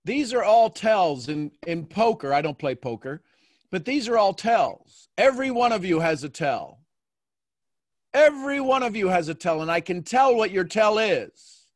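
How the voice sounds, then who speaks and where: A man hosting a coaching call, talking in a playful, animated way and acting out little quotes. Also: sits high, moderate pace, no echo, studio quality. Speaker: host and mentor.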